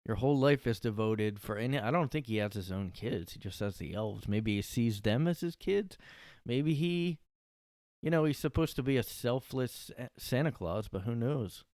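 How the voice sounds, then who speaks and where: A man's voice: medium pitch, animated, normal speed, darkish tone, no echo, studio quality. A man hosting a casual solo podcast, musing in an offhand way and trailing off. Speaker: podcast host.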